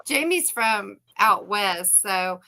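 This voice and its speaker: A woman, co-hosting a casual livestream chat, a loud, laughing, salty storyteller. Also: mid-range voice, animated, slow pace, a little hiss or hum, poor audio. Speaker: co-host.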